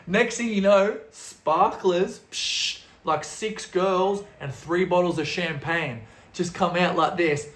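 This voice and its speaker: A young Australian man telling a story in a casual, comedic way that is animated, crude and full of laughter. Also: sits high, moderate pace. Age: young adult. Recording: roomy echo.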